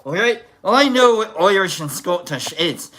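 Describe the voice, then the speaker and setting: A livestream host giving casual, rambling shout-outs to viewers, joking around. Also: mid-range voice, lively intonation, unhurried, slight background noise. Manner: jokey, rambling, tries silly voices.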